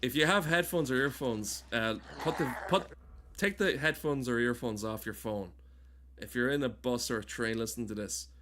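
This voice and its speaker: A male streamer chatting loosely over his gameplay, cursing freely and cutting himself off mid-sentence. His voice sits at an ordinary middle pitch, neither high nor low. He jokes with his chat as he plays. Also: moderate pace, a bit bright, slight background noise. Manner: rambling, swearing, self-interrupting, joking with chat. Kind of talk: casual gaming stream commentary.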